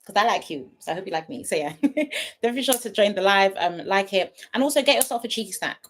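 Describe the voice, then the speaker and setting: A woman's voice: mid-range voice, animated, fairly quick, fairly bright tone, slight background noise. A woman, chatting casually on a home livestream and greeting viewers by name. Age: 20s. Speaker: YouTube livestream host. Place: at home, her sister's house.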